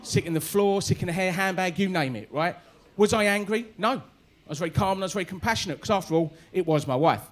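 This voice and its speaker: High-voiced London comic man. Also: fast, few pauses. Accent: London Cockney. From East London, England. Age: 40s. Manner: punchy, chatty, tags lines with "right?". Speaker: stand-up comedian. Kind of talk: stand-up comedy set. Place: comedy club stage.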